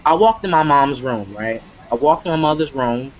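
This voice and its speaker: Hosting a live motivational webcast, this man uses a mid-range voice with lively intonation and a moderate pace. He is emphatic and repetitive, often tagging his lines with "right?". The audio is dull, with a little hiss or hum.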